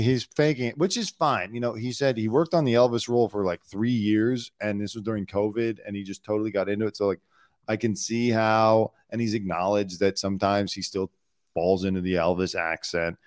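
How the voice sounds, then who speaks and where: A man's voice: on the low side, steady tone, moderate pace, darkish tone, no room sound, studio quality. A middle-aged man co-hosting a casual chat, talking bluntly and sarcastically with plenty of swearing. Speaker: co-host, former celebrity news producer.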